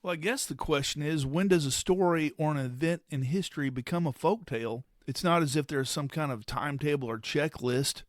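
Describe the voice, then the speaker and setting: A man co-hosting a podcast, explaining ideas in a conversational, measured way. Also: fairly high pitch, no echo, clean studio sound. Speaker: podcast co-host. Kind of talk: casual explanatory discussion.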